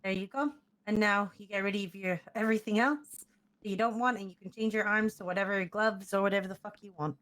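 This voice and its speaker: A woman's voice: mid-range voice, fairly even intonation, fairly quick, fairly bright tone. A woman playing an officer, walking cadets through their uniforms step by step in a matter-of-fact way, sounding just woken up. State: just woke up. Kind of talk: casual role-play instruction.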